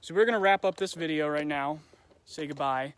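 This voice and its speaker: A man's voice: fairly high pitch, brisk, slight background noise. A young man running casual nature trivia for kids on a live stream, chatty and loose, with lots of ums. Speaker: nature center camp educator. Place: nature center. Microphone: phone or camera on a live stream.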